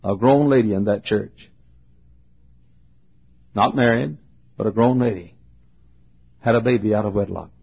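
Husky older preacher, fervent sermon. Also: male voice, unhurried, pauses often. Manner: fervent preaching, swings from shouts to low asides. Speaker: pastor. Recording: dull lo-fi sermon recording.

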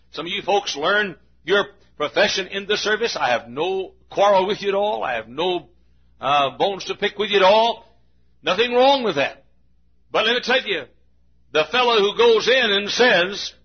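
A man preaching a fiery sermon, rising to shouts, in a church with a congregation. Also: high-pitched, husky. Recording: dull lo-fi recording.

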